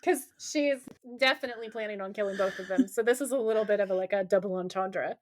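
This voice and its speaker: A woman co-hosting a podcast, recapping an episode in casual, animated chat, swearing and acting out quotes. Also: medium pitch, fast. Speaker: podcast co-host.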